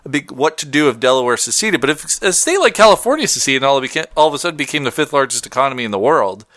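A man's voice: medium pitch, big pitch swings, very fast, a bit bright, no echo, clean studio sound. A man co-hosting a casual talk show, rambling and correcting himself as he goes. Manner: rambling, self-correcting, laughs often. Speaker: podcast co-host. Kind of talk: casual chat.

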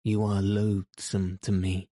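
A man's voice: low-pitched, flat delivery, slow, dark tone, no room sound. A man reading the lines of a betrayed wife, cold and accusing, in an audiobook. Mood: bitter. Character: bitter betrayed wife, grown woman.

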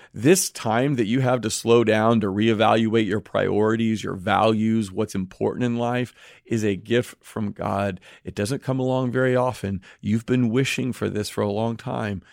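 A middle-aged man speaks in a lowish voice, earnest and preacherly, firing rhetorical questions at his listeners. He co-hosts a faith podcast, and his voice is recorded close with a dry sound. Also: darkish tone, dry recording. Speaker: pastor co-host. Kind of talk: podcast sermon-style talk.

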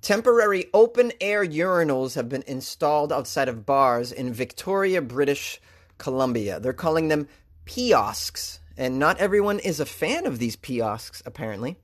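A man with a Boston accent hosts a comic news show, tossing off wry jokes between headlines. His voice sits a bit high for a man. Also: sing-song, moderate pace. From Boston area. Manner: wry, joking asides. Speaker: comedian and news show host.

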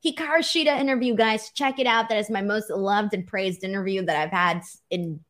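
A woman's voice: mid-range voice, brisk. Chatty, laughing woman podcast co-host. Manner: chatty and animated, with frequent laughs. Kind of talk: casual chat.

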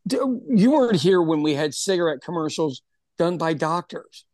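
A man's voice: a little high, expressive, normal speed, darkish tone, no echo. A man co-hosting a podcast in casual chat, rambling and repeating words, laughing often. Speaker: podcast co-host.

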